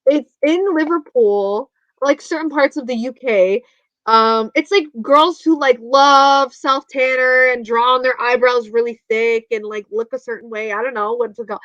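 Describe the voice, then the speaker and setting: A woman's voice: fairly high pitch, normal speed, fairly bright tone, no room sound. A woman co-hosting a live wrestling watch-party stream in casual, rambling, giggly chat. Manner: chatty, giggly, rambling with fillers. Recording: dull, dry lo-fi stream audio.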